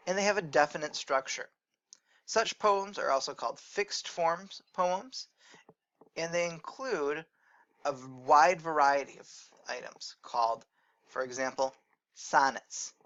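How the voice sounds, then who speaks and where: Measured male teacher, slightly high voice. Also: a bit bright, lo-fi sound. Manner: explanatory, measured, corrects his own slips. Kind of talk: recorded lecture on poetry.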